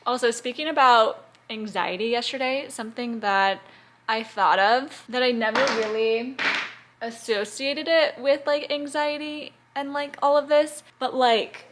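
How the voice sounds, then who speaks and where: A woman's voice: a little high, steady tone, unhurried, a bit bright. A woman in her thirties vlogging casually at home, chatty and open, her talk full of "like" fillers. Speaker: lifestyle vlogger. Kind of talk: casual vlog talk to camera. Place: at home, indoors.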